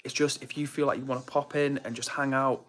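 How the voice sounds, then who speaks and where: A man's voice: mid-range voice, little pitch movement, fast, a bit bright. A young man chatting casually on a live stream, reading viewer comments aloud.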